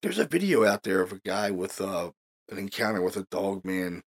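A man's voice: low-pitched, sing-song, normal speed. A man guest-hosting a podcast, telling a story in a casual, profane way and leaning on "you know". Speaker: guest host.

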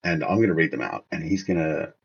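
A man's voice: rumbling low, lively intonation, fast, vocal fry, highs cut off, a loud crowd. A man chatting casually on a podcast, stumbling and self-mocking as he reads out strange names. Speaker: podcast co-host. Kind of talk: casual chat reading out army names.

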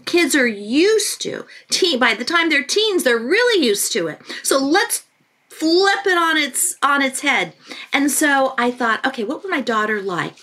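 A woman author who is a guest on a parenting podcast, telling lively stories and repeating points for emphasis. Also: high voice, a little slow. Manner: animated storytelling with emphatic repetition. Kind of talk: podcast interview.

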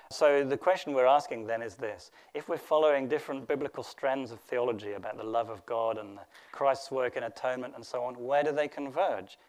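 Male lecturer, mid-pitched voice, reflective, asks rhetorical questions, and often repeats words as he thinks aloud. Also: darkish tone. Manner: thoughtful, rhetorical questions, frequent restarts. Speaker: theology lecturer.

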